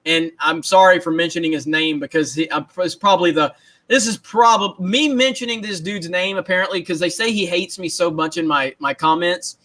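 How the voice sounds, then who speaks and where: A young man with a high, bright voice rants excitedly on a casual livestream. He repeats himself, keeps cracking himself up, and talks with loose, playful energy. The tone stays sharp and lively. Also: fairly quick. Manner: excited, repetitive, laughing often. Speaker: host.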